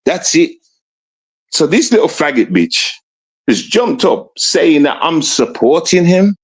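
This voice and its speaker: A British man ranting on a livestream, mocking and confrontational, jumping from raised outbursts to low mutters. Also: very animated, takes it slowly, husky. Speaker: streamer.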